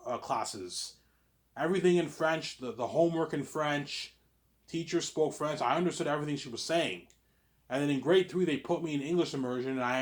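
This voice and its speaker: A man from Quebec rambling through a casual livestream monologue, stumbling over restarts and tacking on the same filler word again and again. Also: a little high. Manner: repetitive, stammering restarts, keeps saying "obviously". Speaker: livestream host reading viewer questions.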